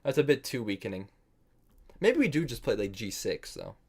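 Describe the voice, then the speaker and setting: Speaking at a moderate pace in a medium-pitched, very lively voice that's slightly mellow and a bit breathy, this man plays chess on a live stream. He's from the US and talks through his thinking as he goes. He berates himself for blunders and trades easygoing banter with his audience.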